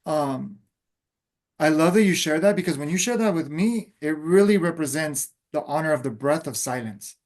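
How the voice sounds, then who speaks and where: A man's voice: a little high, expressive, normal speed, a little mellow. A man co-hosting a spiritual podcast conversation, reflective and affirming as he speaks. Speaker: podcast co-host.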